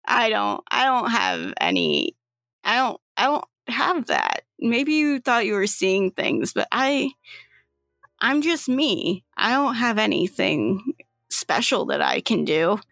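Woman voicing confused young woman patient, hesitant, gravelly edge, dry sound. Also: mid-range voice, sing-song, takes it slowly, no echo, full character voice. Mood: gentle. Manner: soft, apologetic, hesitant.

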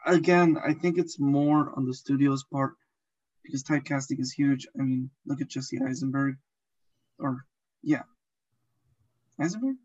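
A man's voice: mid-range voice, a little slow, long pauses, a little mellow. A man co-hosting a casual movie podcast, blunt and casually swearing. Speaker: podcast co-host. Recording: slightly dull lo-fi mic.

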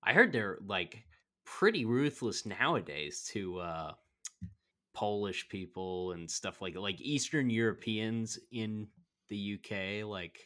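Low-voiced, rambling male podcast co-host. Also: expressive, slow, sharp tone. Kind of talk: casual podcast chat.

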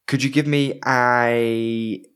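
A game master narrating a tabletop game in a lively, playful way. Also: mid-range voice, slow, clean tone.

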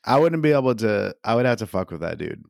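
A man's voice: on the low side, sing-song, fast talker, creaky, no echo, studio quality. A man co-hosting a podcast, teasing and joking crudely with lots of swearing. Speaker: podcast co-host. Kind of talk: casual banter.

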